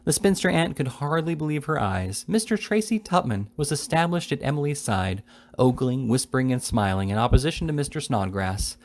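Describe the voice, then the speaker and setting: A man reading a classic novel aloud in steady narration. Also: medium pitch, a little fast. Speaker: reader.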